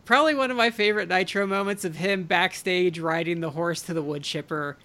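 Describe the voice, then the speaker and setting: A man's voice: high voice, fairly quick, sharp tone. A man in casual chat, rambling with lots of fillers.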